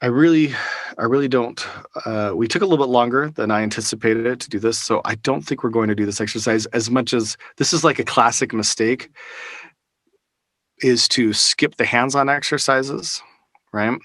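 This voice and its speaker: Speaking at normal speed, this instructor runs a live online workshop via video call, his mid-range voice a bit bright. He talks casually with fillers and restarts. A close-up studio microphone leaves no room sound.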